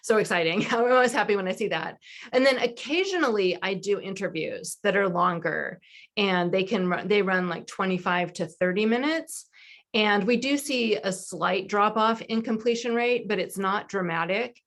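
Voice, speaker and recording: A woman's voice: medium pitch, normal speed, fairly bright tone. A woman who hosts a podcast, answering questions in a video call discussion in an upbeat, chatty way with fillers. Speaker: podcast host and author.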